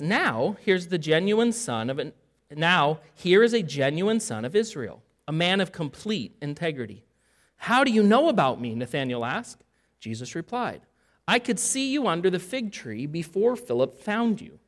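A preacher delivering a sermon in an easy, conversational way, stopping to ask the listeners questions. The scripture is read aloud with a voice that rises and falls freely. The pitch sits mostly in the middle. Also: a bit bright. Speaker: pastor.

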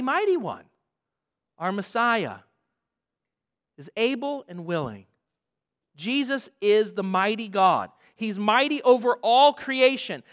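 A man preaching a sermon as a pastor, dramatic and emphatic, dropping to a hush and rising again, repeating phrases for emphasis. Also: very high voice. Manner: dramatic, swings from hushed to loud emphasis.

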